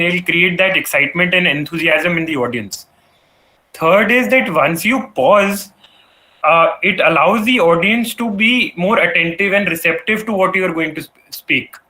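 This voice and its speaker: A young man addresses an audience with a high, bright, forceful voice. He lectures earnestly, often stopping to restart words and leaning on "you know" as he works through his points. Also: rough recording. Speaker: guest speaker. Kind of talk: motivational talk on public speaking. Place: event hall.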